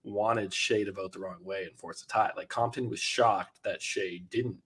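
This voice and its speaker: A man's voice: lowish voice, normal speed, slightly rough. A man co-hosting a podcast, chatting casually about a reality show and acting out what the players said. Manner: animated, acts out quotes from the show. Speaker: podcast co-host. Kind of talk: casual recap chat.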